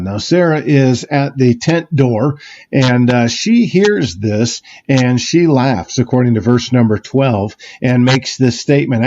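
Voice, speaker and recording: A man delivers a church sermon in a mellow, unhurried voice, pausing with fillers and restarting his thoughts as he reasons aloud. The recording is dull and lo-fi, like a church service capture. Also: mid-range voice, slight background noise. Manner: reflective, with frequent fillers and restarts. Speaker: pastor. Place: church sanctuary.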